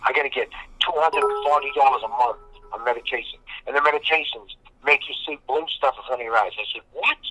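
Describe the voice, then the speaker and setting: Bright, emphatic man in his fifties. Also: medium pitch, fast talker, poor audio. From Boston. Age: 50s. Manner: rambling, emphatic storytelling with repetition. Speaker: guest. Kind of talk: casual interview chat.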